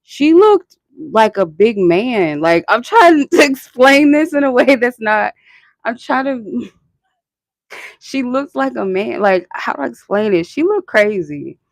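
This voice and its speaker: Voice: mid-range voice, sing-song, a little slow, gravelly, no echo. A channel host talking in a casual, rambling and profane way, full of "like" and laughter. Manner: frequent filler "like" and laughter. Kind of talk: casual chat.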